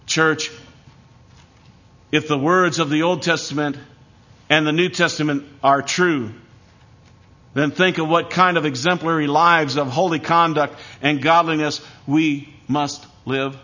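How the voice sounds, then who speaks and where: A man preaching a sermon in a solemn, emphatic way, pausing to let his phrases land. His voice sits a little high. The recording is dull and lo-fi. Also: fairly even intonation, pushed and bright. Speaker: pastor.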